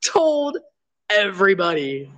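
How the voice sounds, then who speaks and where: Crude, lively young guy telling stories. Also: high voice, takes it slowly, muffled recording. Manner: animated, crude, swears freely. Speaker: podcast host. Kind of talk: casual storytelling chat.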